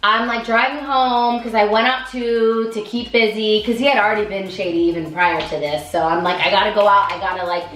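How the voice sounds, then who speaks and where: A woman's voice: mid-range voice, steady tone, brisk, few pauses, a bit bright. A young woman co-hosting a casual chat, reacting with short interjections and then sharing her own story. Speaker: co-host. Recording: distant, echoey room with faint music.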